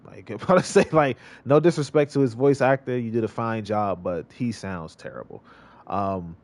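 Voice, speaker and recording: This streamer's voice sits on the low side, and he speaks at a moderate pace while casually commenting on his gameplay. He keeps rambling, repeating things, and starting over mid-thought.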